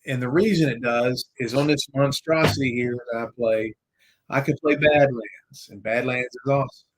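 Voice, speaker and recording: A man's voice: mid-range voice, steady tone, moderate pace, poor audio. A man hosting a live podcast, chatting casually in a rambling, jokey way and swearing now and then. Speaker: podcast host. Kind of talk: casual live-stream chat.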